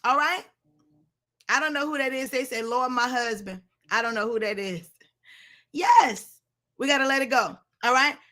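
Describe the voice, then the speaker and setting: A woman's voice: high-pitched, expressive, normal speed, long pauses, fairly bright tone. A woman giving a blunt, preachy motivational talk on a live stream, speaking straight to her listeners as sis and y'all.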